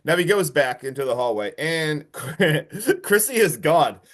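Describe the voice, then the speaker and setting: A young man co-hosting a podcast, retelling a horror film in a casual, animated way full of "like"s and disbelief. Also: fairly high pitch, measured pace. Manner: animated, disbelieving storytelling with many "like"s. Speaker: podcast co-host. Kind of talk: casual movie recap.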